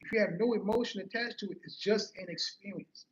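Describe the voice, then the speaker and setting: A motivational speaker with a high-pitched voice talks fairly quickly, giving an earnest personal talk. He tells a story and repeats key phrases for emphasis, and the recording is roomy and slightly muffled.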